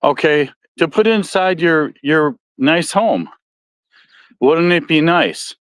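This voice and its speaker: A man's voice: a little high, fairly bright tone, no room sound. A man with a Midwestern accent hosting a solo podcast, talking casually in a rambling, folksy way that often corrects itself. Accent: Midwestern American. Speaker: podcast host.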